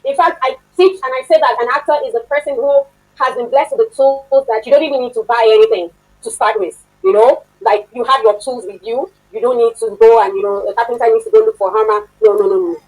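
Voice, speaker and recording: A woman's voice: fairly high pitch, fast talker, darkish tone, low-quality recording. A woman instructor giving a chatty online workshop lecture, often laughing and asking the class questions.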